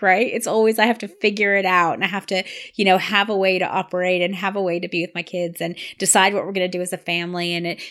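A woman's voice: medium pitch, fairly bright tone. Woman host, frank and confiding, conversational podcast read. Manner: frank, confiding, thinks aloud. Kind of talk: casual podcast chat.

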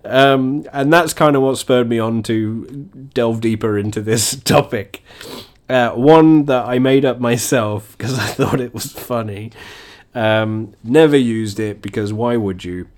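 Slow-talking giggly young man. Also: mid-range voice, darkish tone. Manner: giggly, laughs through his sentences; crude, swears casually. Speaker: video host. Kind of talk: casual comedic chat.

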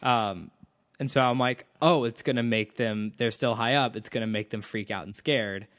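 A man co-hosting a podcast in casual chat, easygoing and agreeable with quick asides. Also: medium pitch, fairly bright tone. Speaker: podcast co-host.

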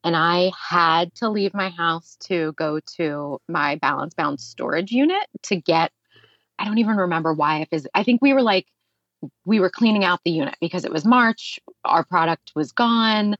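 A woman co-hosting a podcast, chatting in an expressive, talkative way from a remote setup. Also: lowish voice, moderate pace, dry recording, dull audio. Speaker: podcast co-host. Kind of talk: casual chat. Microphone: remote recording setup.

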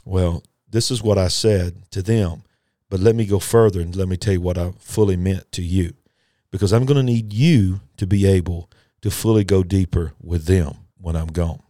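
A calm, patient teacher speaks low and gently, laying things out for his followers, as a preacher voices him in a sermon. His voice is deep, warm and dry. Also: moderate pace, no room sound, close to an everyday voice. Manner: gentle, explaining.

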